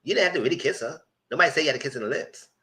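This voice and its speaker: This reality TV recap host races along at a fairly high pitch during his casual live stream, performing the cast members' lines in voices with lots of animation. The recording quality is low.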